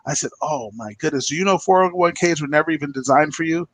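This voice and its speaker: Man with a high voice, animated storyteller, company boss on a talk show, dry close sound. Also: quick pace, no echo. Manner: animated, acts out quoted voices. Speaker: company president.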